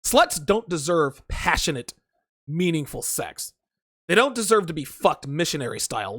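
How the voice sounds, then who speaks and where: A man delivering a crude, profane dating advice monologue on his own stream. His voice sits high and swings widely in pitch as he rambles and hammers points through repetition. The sound is dry and close, with no room around it. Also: sing-song, normal speed, a bit bright, husky, no echo. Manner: emphatic, repeats himself. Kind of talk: solo livestream monologue.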